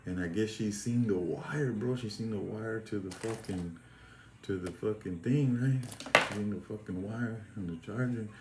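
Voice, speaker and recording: A man's voice: fairly low pitch, unhurried. A man telling a rambling prison story in casual, profane street slang. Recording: echoey room with faint noise.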